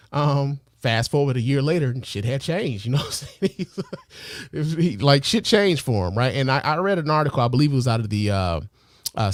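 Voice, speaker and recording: A man hosting a casual podcast, talking loosely and with plenty of profanity. His voice sits at a middle pitch, and the recording is dry and close with no room echo. He keeps checking in with the listener through rhetorical questions. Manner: loose, profane, heavy with fillers. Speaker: podcast host.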